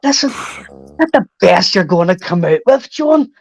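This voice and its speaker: A man's voice: high-pitched, sing-song, normal speed, vocal fry, no room sound. A man in his thirties with a Northern Irish accent, making a heated, repetitive call-out on a live stream. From Northern Ireland. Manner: threatening, repetitive, keeps adding "mate". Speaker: guest on a live chat stream.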